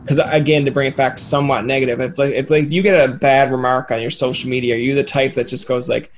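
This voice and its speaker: A man's voice: medium pitch, fairly even intonation, fast talker, a little hiss or hum. A man hosting a podcast, chatting casually and rambling through jokey questions, often acting out imagined voices. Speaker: podcast host. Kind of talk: casual interview chat.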